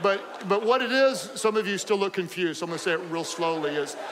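High-pitched preacher guy, jokey and animated, says stuff twice, big church echo. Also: fairly quick, noisy background. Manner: animated, joking, repeats phrases for emphasis. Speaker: pastor. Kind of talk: sermon.

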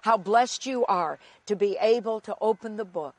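A woman teaching from the Bible in an earnest sermon, slowing to repeat key phrases for emphasis. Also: mid-range voice, dry recording.

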